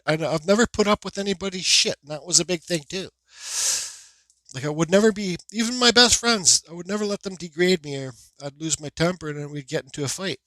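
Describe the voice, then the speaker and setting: A man's voice: a little high, fairly bright tone, no echo. A man who carves wood, telling a rambling personal story in blunt, profane, casual talk. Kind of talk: casual storytelling while carving.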